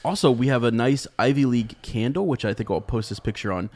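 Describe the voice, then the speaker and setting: A man co-hosting a podcast, chatting casually with many pauses and fillers. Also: mid-range voice, darkish tone. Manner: hesitant, many fillers, laughs easily. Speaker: podcast co-host. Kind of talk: casual chat.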